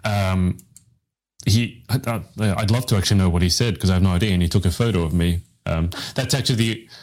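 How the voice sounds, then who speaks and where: Rambling low-voiced male host. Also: a little fast, a little mellow. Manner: rambling, self-deprecating storyteller with restarts. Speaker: podcast host, interviewer. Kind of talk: casual live interview.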